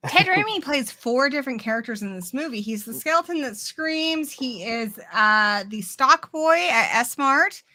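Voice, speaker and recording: A woman's voice: sits high, animated, moderate pace, hardly any pauses, pushed and bright. A woman hosting a casual online chat, enthusiastic and leading the talk. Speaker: host.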